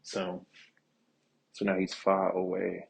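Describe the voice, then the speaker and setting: Gravelly, husky young man rambling. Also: low-pitched, completely flat delivery, slow pace. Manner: rambling, profane, laid-back. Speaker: podcast host. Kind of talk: casual storytelling monologue.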